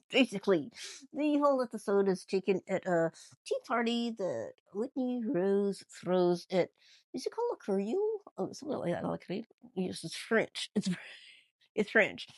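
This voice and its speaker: A woman's voice: medium pitch, lively intonation, moderate pace, dry recording. A woman ventriloquist hosting a casual, rambling comedic news recap with many restarts. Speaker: ventriloquist host.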